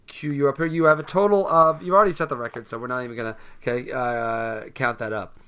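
A man's voice: medium pitch, steady tone, quick pace, fairly bright tone. A man hosting a casual sports trivia quiz on his show, upbeat and chatty. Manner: upbeat, chatty, frequent restarts and throat clearing. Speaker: podcast host running a trivia quiz.

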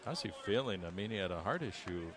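A man's voice: lowish voice, expressive, fast talker, a crowd in the background. A man doing easygoing baseball color commentary in the booth. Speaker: baseball broadcaster.

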